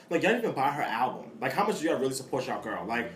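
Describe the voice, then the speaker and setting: A man's voice: mid-range voice, big pitch swings, fast talker, few pauses, reverberant. A man co-hosting a podcast, chatty and blunt in casual talk. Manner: chatty, blunt, many fillers. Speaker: podcast co-host. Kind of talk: casual chat.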